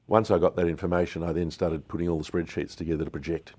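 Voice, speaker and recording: An Australian business founder in his sixties tells candid stories in an interview, acting out what people said. His low-pitched voice is dark and slightly rough, delivered fast and flat.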